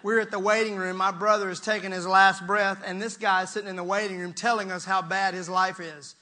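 A man preaching a sermon as pastor, animated, swinging from soft asides to shouts and joking with the congregation, his throat a little strained. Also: high-pitched, a little fast.

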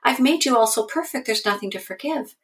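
A loving God from a children's storybook speaks gently, pleased and tender, voiced by a woman telling the tale. The voice sits a little above her own. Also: fairly high pitch, expressive, a little fast, voice pushed up, natural voice. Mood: gentle. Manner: warm, delighted and gentle.

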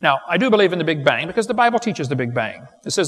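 A man's voice: on the high side, very animated, a bit bright. Folksy, wisecracking man in a big hall. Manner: folksy, wisecracking, quick storytelling with punchlines. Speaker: creation seminar speaker. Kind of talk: joking live seminar lecture. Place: large hall with live audience. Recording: live recording in a reverberant hall.

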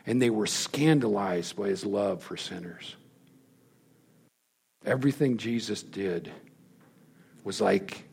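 A man preaching a sermon, telling the story emphatically and dropping to hushed lows. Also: vocal fry, husky.

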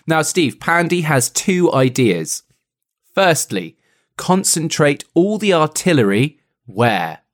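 Lively, teasing podcast host. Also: male voice, a little high, slow. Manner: playful, teasing storyteller, laughs often. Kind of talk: comic book-club podcast chat.

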